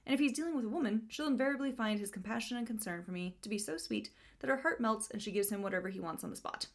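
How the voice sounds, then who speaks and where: A woman's voice: on the high side, fast. A woman reviewing books casually, reading passages aloud with amusement and laughing at the funny parts. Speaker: book vlogger.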